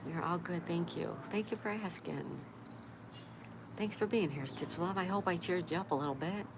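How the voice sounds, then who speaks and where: A woman's voice: on the low side, moderate pace. A woman hosting a casual live stream, chatting with her viewers and greeting them by name. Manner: chatty, greets viewers by name and reads their comments aloud. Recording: clear background noise.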